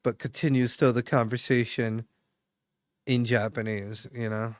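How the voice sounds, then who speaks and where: A man's voice: medium pitch, little pitch movement, a little slow, no room sound. A young adult man streaming, chatting casually with viewers in a rambling way full of fillers and restarts.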